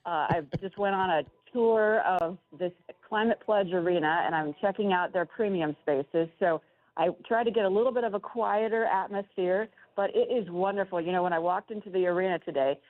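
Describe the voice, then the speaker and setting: A woman's voice: lowish voice, moderate pace. A woman calling in to a radio show from a tunnel in an arena, telling stories in an upbeat, enthusiastic way. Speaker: guest on the phone. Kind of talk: phone-in interview. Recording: tinny phone line.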